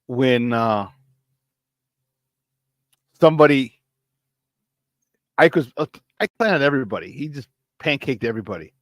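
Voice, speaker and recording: A medium-pitched male voice comes through a studio-quality recording with no room sound. He hosts a sports talk show, chatting casually and energetically about football, laughing often, telling locker-room stories as a former player, and hyping with "baby."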